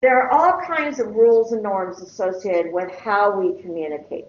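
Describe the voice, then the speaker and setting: A woman's voice: mid-range voice, normal speed, a little hiss or hum. An older woman lecturing a college class in a conversational way, checking in with her students. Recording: roomy, dull lecture-hall recording.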